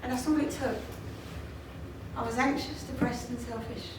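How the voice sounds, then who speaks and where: A woman's voice: on the high side, fairly even intonation, normal speed. A woman giving an emphatic motivational talk on stage, repeating her points and laughing often. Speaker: motivational speaker. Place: large conference hall, on stage. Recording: echoey hall from far off, noisy.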